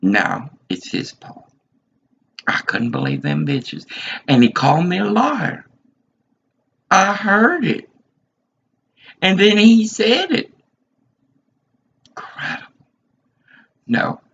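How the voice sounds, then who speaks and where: A husky, gravelly man in his fifties rants in a rambling recorded monologue, slow and agitated, his voice pitched a little high for a man. The dull lo-fi recording flattens it. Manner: agitated, ranting, repeats himself.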